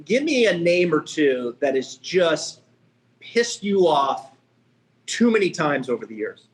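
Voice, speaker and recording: A man hosting a podcast, chatting casually in rambling, quick asides and often checking with "right?". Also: on the high side, big pitch swings. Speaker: podcast host. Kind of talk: casual chat.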